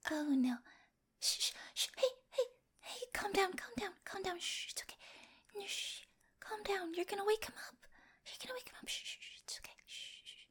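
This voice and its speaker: High little voice, girl doing a clingy creepy girlfriend, giggly, slow and whispery role-play. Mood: playful secretive. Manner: giggly, coaxing, slips into soft whispers. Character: sweet, obsessive young girlfriend with a dark streak. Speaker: voice actor in listener-addressed audio drama.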